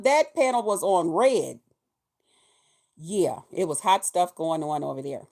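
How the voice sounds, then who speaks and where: This is the host of a weekly livestream, a woman with a mid-range, slightly mellow voice and lively intonation at a normal speed. She talks casually and folksily, greeting her viewers and thanking them directly.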